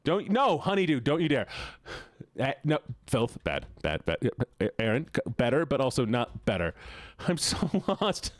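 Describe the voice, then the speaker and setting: Lively, joking male streamer. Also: mid-range voice, moderate pace, no room sound, studio quality. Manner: animated, joking, often laughing. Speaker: live streamer. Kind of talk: casual live-stream chat while gaming.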